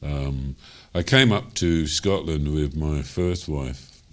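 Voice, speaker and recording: Extremely low in pitch and slow, this older man's voice carries a Cockney accent from London, England. A jazz singer, he rambles through life stories for an interview, chuckling and dropping plenty of ums and you-knows.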